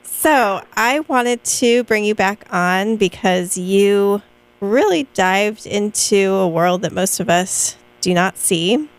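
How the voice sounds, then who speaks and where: A woman's voice: mid-range voice, lively intonation, smooth, low-quality recording. A woman hosting a radio talk show, interviewing a guest and searching for words as she frames her questions. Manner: halting, restarts while framing questions. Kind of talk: casual interview.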